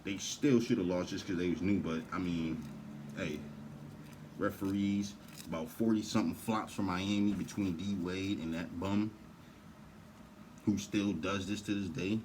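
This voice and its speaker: A man's voice: sits low, a little slow, darkish tone, slight background noise. A man on a heated, profane, rambling rant to camera.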